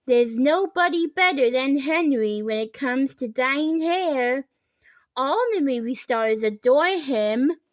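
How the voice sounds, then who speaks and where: A giddy young hairdresser, put on by a woman reading a storybook, gushing with breathless emphasis. Her voice sits very high and moves slowly, recorded close and dry. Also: expressive, dry recording. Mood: bubbly.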